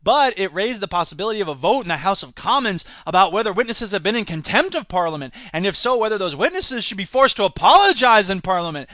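Sarcastic high-voiced male podcaster. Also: big pitch swings, quick pace, few pauses, pushed and bright, dry recording, studio quality. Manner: sarcastic, indignant ranting. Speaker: podcast host. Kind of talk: solo news commentary podcast.

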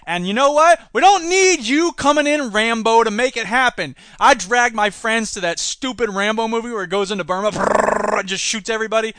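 A man's voice: high-pitched, brisk, few pauses, sharp tone. A man hosting a solo podcast, reading news and mocking it with sarcastic asides and put-on voices. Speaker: podcast host.

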